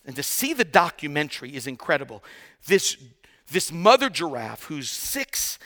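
High, bright-voiced preaching man. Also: in a large hall. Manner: dynamic preaching with acted-out quotes and sudden loud bursts; humorous storytelling. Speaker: guest pastor. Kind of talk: sermon.

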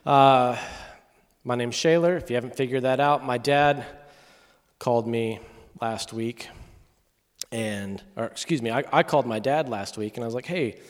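A young man from Texas giving a sermon as a guest preacher, telling a story in a conversational, lively way. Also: medium pitch, moderate pace, pauses often. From Texas, USA. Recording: long hall reverb.

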